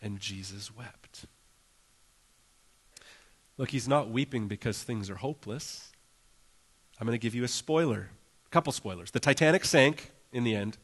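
A man's voice: mid-range voice, moderate pace, long pauses, breathy edge. A man preaching a conversational sermon as a pastor, earnest and casual, often saying "like" and acting out prayers in a raised voice.

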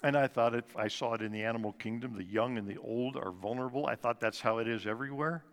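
A man in his sixties giving an earnest personal testimony at a church service, slowing and dropping his voice soft for emphasis. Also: mid-range voice. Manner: earnest storytelling, slows and drops soft for emphasis. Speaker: guest speaker at church service. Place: church sanctuary. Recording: long reverb of a large church hall.

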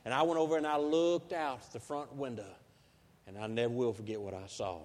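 A man's voice: medium pitch, steady tone, brisk, a little mellow. A man from Texas, preaching a folksy, emotional story sermon that builds to fervent intensity. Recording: long reverb of a large hall.

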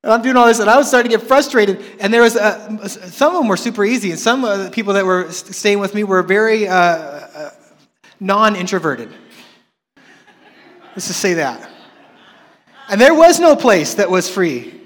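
A man's voice: high voice, animated, normal speed, fairly bright tone, big-room sound. A man in his forties preaching a sermon, telling a candid, self-deprecating story with frequent restarts. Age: 40s. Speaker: pastor.

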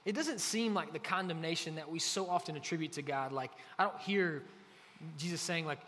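A man preaching a relaxed, conversational sermon, often filling pauses with "like". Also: a little high. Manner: conversational, heavy use of "like". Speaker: pastor. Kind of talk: casual sermon. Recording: faint hall reverb, light noise.

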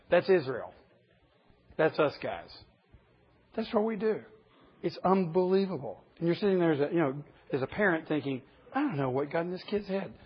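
A man's voice: on the high side, slightly rough. A man in his fifties, a pastor preaching a sermon in an emphatic, humorous storytelling way. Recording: dull lo-fi recording.

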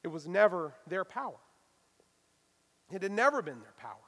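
A man with a notably high voice preaches a sermon, pressing hard on key words and then dropping into quiet asides. His voice rings out in a large space with a long, trailing reverb. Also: sing-song, moderate pace. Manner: emphatic preaching, swinging from loud stresses to hushed asides. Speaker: pastor.

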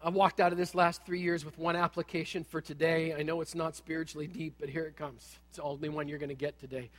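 A middle-aged man preaching a sermon, telling a personal story with animated, humorous asides. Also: on the high side, quick pace, in a large hall.

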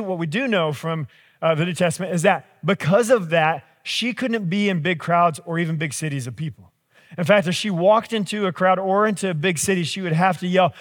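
A man, preaching a sermon in a casual, storytelling way and acting out the people he quotes. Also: high-pitched. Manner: conversational, animated, acts out quoted voices. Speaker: pastor. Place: large church auditorium. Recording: long hall reverb.

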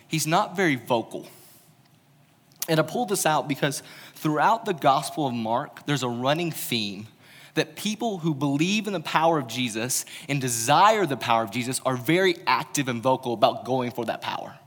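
A man's voice: medium pitch, fairly bright tone. A man preaching a casual, conversational sermon, telling stories with informal humorous asides. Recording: long reverb of a large hall.

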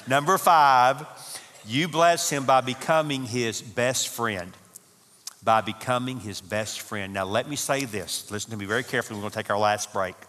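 A man's voice: on the low side, fairly bright tone. A man giving a humorous, folksy sermon talk at a marriage conference. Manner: folksy storytelling with Southern phrasing. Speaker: conference speaker. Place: church conference hall. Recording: hall reverb.

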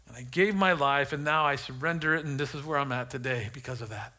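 A man's voice: fairly high pitch, fast talker, bright, forceful tone. A middle-aged male pastor preaching a sermon and telling a personal testimony, earnest and emotional, often repeating and restarting his words.

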